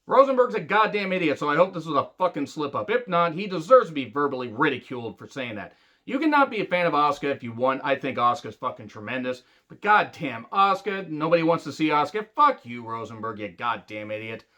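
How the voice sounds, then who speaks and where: A man's voice: a little high, sing-song, fast, bright, forceful tone. A man ranting angrily and sarcastically in a wrestling review, swearing heavily. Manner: angry, sarcastic, heavy swearing. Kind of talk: profane rant review.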